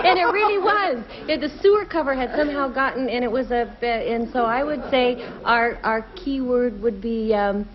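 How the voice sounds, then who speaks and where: A woman telling a story on a game show, halting with fillers. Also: high-pitched, crowd noise, background noise. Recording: dull 1970s TV recording.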